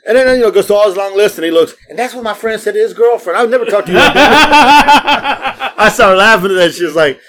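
A man's voice: high voice, rapid-fire, hardly any pauses, crowd noise. A middle-aged man co-hosting a podcast, brash and joking, laughing often and swearing freely in casual banter. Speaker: podcast co-host.

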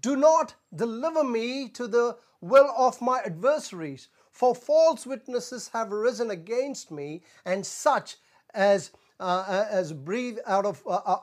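A man preaching a sermon as a pastor, earnest and repetitive, often saying "Amen" and stumbling on fillers. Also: extremely high pitch. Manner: stumbles on filler sounds when searching for words.

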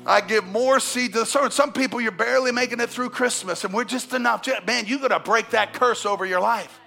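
A middle-aged man preaching as a pastor. He swings between shouted exhortation and hushed, intimate passages, and he calls on the congregation to answer back. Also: very high-pitched, brisk, gravelly, faint music behind. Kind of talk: sermon.

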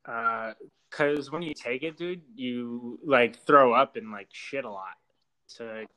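A man's voice: mid-range voice, slow pace, sharp tone, low-quality recording. Young guy, podcast storyteller, casual and profane. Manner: loose, profane storytelling, lots of fillers. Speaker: storyteller guest.

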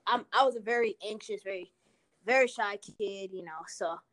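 A woman's voice: mid-range voice, normal speed, a bit bright. A young woman in casual chat, telling a personal story frankly, with plenty of swearing and filler words. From Minnesota.

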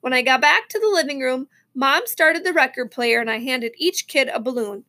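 A woman reading a children's novel aloud, expressive, with small slips and restarts. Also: high voice, moderate pace. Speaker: reader.

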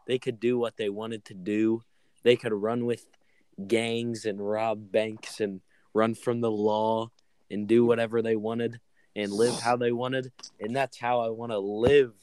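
A man in a casual podcast chat, musing out loud about a life he wishes for. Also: lowish voice, little pitch movement, a little slow, clear, resonant tone, dry recording.

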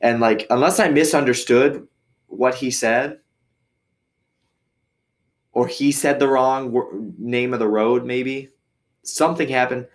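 A man's voice: medium pitch, steady tone, slow, pauses often. A man from Michigan hosting a podcast, telling a story casually and rambling with many fillers and restarts. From Michigan, USA. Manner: acts out others' voices when quoting. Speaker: podcast host.

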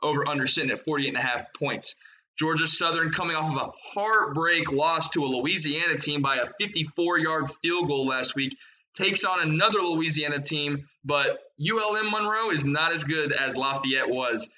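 Young guy hosting a betting podcast, real bright punchy voice, hyped and fast. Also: a little high, rough recording. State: out of breath. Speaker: sports betting podcast host. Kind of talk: energetic podcast chat.

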